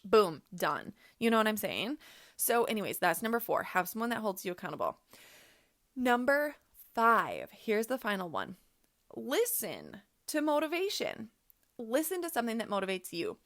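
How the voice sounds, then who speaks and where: Young woman coach hosting a podcast, chatty filler-heavy delivery, slightly high voice, dry close sound. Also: normal speed, no room sound. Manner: chatty, heavy use of "like", animated asides. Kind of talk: casual podcast monologue.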